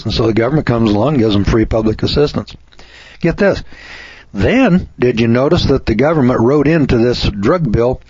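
A man's voice: mid-range voice, lively intonation, normal speed, a little mellow, slightly rough, no echo. A man hosting a radio show, giving a folksy, opinionated editorial monologue and mocking other people's voices. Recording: dull lo-fi radio recording.

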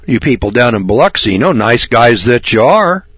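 A man preaching a fire-and-brimstone sermon, blunt, sarcastic and rambling, reading scripture slowly. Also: medium pitch, very animated, fairly bright tone, breathy edge, no echo, highs cut off. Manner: reads scripture slowly and deliberately.

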